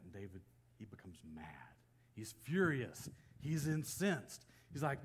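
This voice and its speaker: A man preaching a sermon, retelling a story with lively quoted voices that rise and drop sharply. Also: measured pace, husky. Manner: storytelling, acting out quoted lines with swings of pitch and loudness. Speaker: pastor.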